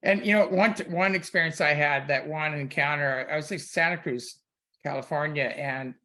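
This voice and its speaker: A man hosts a talk radio show in a relaxed, conversational way. His voice sits a little high, and he talks loosely, leaning on "you know" between thoughts. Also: moderate pace. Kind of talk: casual spiritual conversation.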